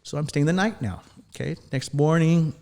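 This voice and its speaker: A man's voice: on the high side, moderate pace, gravelly, darkish tone. A man in his thirties, a firefighter and podcast guest, telling his story casually, acting out quoted dialogue and swearing now and then. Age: 30s.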